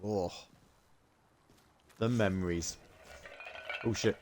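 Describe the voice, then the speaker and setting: A man's voice: on the low side, steady tone, slow, slight background noise. A man giving chatty, wry commentary while playing a video game and thinking aloud. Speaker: gaming video creator. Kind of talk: let's play commentary.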